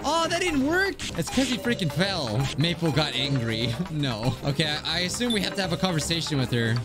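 A lively man talks through a game as he plays, reading its lines out loud. His voice sits high and bounces around in pitch. Game music runs behind him. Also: a little fast. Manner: animated, reads game dialogue aloud. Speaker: gamer. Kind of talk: let's play commentary.

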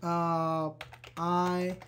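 A man's voice: on the high side, completely flat delivery, very slow, a bit bright, slight background noise. Man, English teacher, live online grammar lesson, repeats examples, reads out viewer names. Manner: interactive, answers viewers' comments by name; patient explaining, repeats example phrases.

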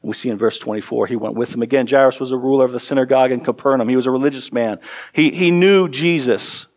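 A man in his forties, a pastor preaching a sermon, earnest and repeating words for emphasis, dropping soft and low in tender passages. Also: fast.

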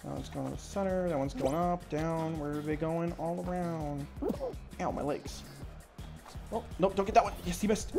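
A woman streaming a party game, giving excited play-by-play and yelling at every win and fall. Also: low-pitched, moderate pace, gravelly. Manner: excitable, shrieks and yells at wins and falls. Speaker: gaming streamer. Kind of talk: excited let's-play commentary. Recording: game music behind the voice.

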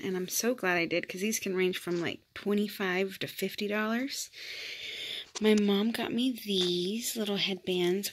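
A woman's voice: mid-range voice, slight background noise. A young mother, chatting casually and switching into sing-song baby talk to her infant at home. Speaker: vlogger mother. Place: home, indoors.

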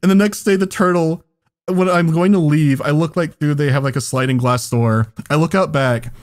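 A man's voice: a little high, normal speed. A man hosting a podcast, telling a story in casual chat, laughing often and swearing freely. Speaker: podcast host.

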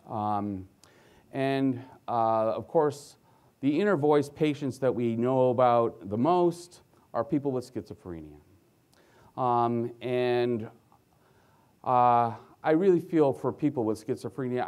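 A man's voice: medium pitch, animated, slow, a little mellow. A man who works as a physician, giving a conference lecture in an earnest way and telling stories about his patients. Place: conference hall stage.

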